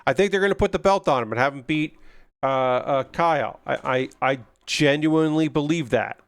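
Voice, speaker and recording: A man's voice: a little high, normal speed, no room sound. A young man chatting casually on a livestream while building a model kit, ranting with frequent swearing and filler words. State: yawning.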